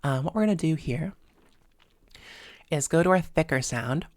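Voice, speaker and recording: A woman voice coach giving an instructional lesson in a calm, measured way, with frequent "sort of" and "um" fillers as she explains exercises. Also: deep voice, no echo, clean studio sound. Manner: demonstrates sounds with their own voice.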